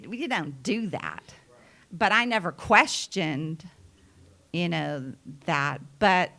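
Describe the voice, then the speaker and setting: Slow-speaking woman preacher, bright tone. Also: mid-range voice. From United States. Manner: unhurried, conversational preaching with asides. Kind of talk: sermon.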